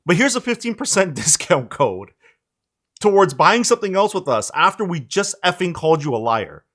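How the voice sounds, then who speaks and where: A man hosts a tech live stream from his home setup and rants with exasperation. His pitch leaps up and drops low as he talks, with plenty of lively swings. He keeps breaking off to speak straight to his chat. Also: moderate pace. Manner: animated, exasperated ranting with asides to chat. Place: home studio, indoors.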